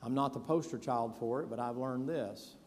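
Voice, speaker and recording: A man's voice: medium pitch, moderate pace, a little mellow, in a large hall, slight background noise. A man preaching a sermon, telling Bible stories in a folksy way and acting out their characters in casual voices. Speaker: pastor.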